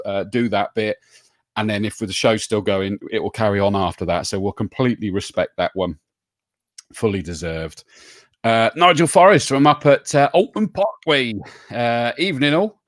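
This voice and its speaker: A man's voice: fairly low pitch, dry recording, clean studio sound. A man hosting a live online show, greeting viewers by name and joking with his co-host. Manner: jokey, greets viewers by name, laughs often. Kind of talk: casual live show chat.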